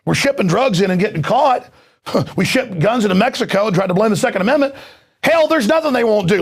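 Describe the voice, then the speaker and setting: A male talk show host delivering an angry, heated political rant, mocking and shouting at times. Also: high voice, lively intonation, brisk, husky.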